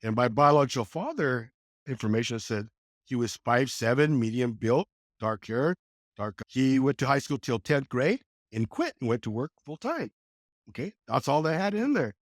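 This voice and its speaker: Man in his 60s from California, mid-pitched, very lively intonation, animated storyteller, dry close sound. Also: moderate pace, no room sound. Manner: animated, acts out quoted dialogue with lively pitch jumps. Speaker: podcast guest. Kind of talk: conversational storytelling.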